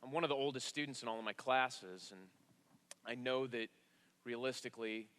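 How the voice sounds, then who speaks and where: A man, a military veteran now in college, reflecting in a measured way on life after service. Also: mid-range voice, a bit bright, clear, resonant tone. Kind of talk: personal testimony.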